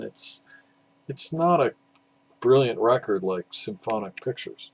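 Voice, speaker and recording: A man's voice: mid-range voice, expressive, a little slow, slight background noise, low-quality recording. A man talking casually about vinyl records in a rambling, hesitant way, with plenty of fillers and the odd swear word. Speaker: record collector vlogger.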